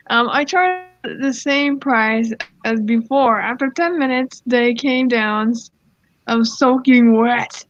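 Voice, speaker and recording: A woman's voice: fairly high pitch, takes it slowly. A woman casually reading a Reddit story aloud, stumbling over words and giggling as she goes. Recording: slightly muffled, dry sound.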